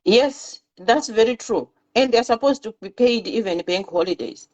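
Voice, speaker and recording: A woman's voice: a little high, animated, moderate pace, a little mellow. A woman in a casual talk-show discussion, earnestly giving advice and often repeating her words. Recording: muffled lo-fi audio.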